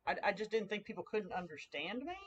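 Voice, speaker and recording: A woman's voice: mid-range voice, fast talker, slight background noise. A woman with a twangy Southern US accent, chatting casually with viewers while making a craft on a livestream. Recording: slightly dull lo-fi livestream audio.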